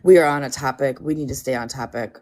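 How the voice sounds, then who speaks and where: A woman's voice: a bass voice, steady tone, fast talker, mellow. A woman hosting a casual livestream, blunt and sweary, scolding her chat and joking around. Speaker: livestream host.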